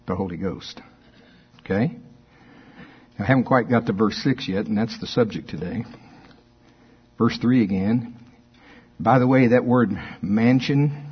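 A middle-aged man preaching a sermon as pastor, getting excited and laughing, slowing down to read scripture. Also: on the low side, husky. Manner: excitable, laughs often, reads scripture slowly. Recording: dull lo-fi recording.

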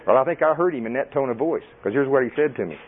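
A middle-aged man, preaching a folksy, animated sermon and laughing often. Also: mid-range voice, fast talker. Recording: tinny phone-like audio.

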